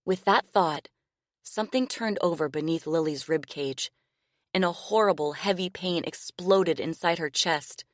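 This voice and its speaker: A woman narrating a novel audiobook in a measured, expressive reading style. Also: on the low side, dry recording, studio quality. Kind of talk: scripted narration.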